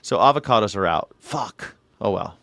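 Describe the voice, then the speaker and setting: A man's voice: on the low side, lively intonation, normal speed, gravelly, bright, forceful tone, no echo. Man, from California, live-stream host, swearing, rambling, chatting with viewers, dry close mic. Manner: profane, rambling, chatty with chat readers. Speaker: news reaction show host. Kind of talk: casual live-stream commentary.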